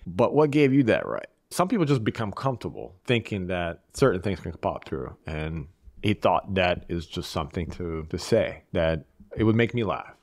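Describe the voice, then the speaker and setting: A man from Eastern Europe talking as a podcast guest in casual, reflective conversation, measured and restarting his phrases as he thinks. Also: sits low, sing-song, no room sound, studio quality.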